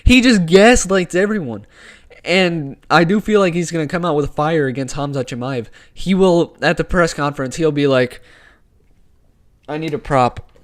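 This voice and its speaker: A man hosting a casual live sports talk stream, excitable and opinionated, using slang, on a wired desk microphone. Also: a little high, normal speed. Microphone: desk microphone with wire.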